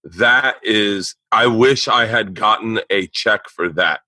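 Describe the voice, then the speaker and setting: A man's voice: on the low side, slow pace, no room sound. A middle-aged man hosting a podcast, telling stories in casual chat, acting out the people he quotes and swearing freely. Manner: animated storyteller, acts out quotes, swears a lot. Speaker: podcast host. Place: living room of a house.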